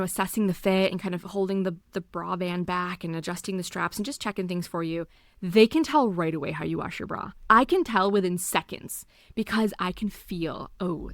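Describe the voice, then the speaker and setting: A chatty woman podcast host who explains things like a friendly teacher, animated and emphatic. Her mid-pitched voice sounds close and dry, with no room echo. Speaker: podcast host and bra fitter. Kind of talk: casual solo podcast teaching.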